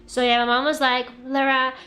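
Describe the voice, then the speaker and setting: A woman's voice: high voice, moderate pace. A young woman whose first language is Russian, chatting casually and rambling through stories as a VTuber playing a game in an echoey room. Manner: animated, rambling storyteller who laughs often. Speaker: VTuber streamer. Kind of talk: casual gaming stream chat.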